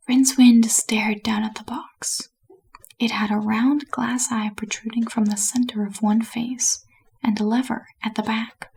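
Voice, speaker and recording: A woman reading a bedtime story aloud as a whispered role-play, soft and unhurried. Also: a little high, little pitch movement, creaky, slight background noise.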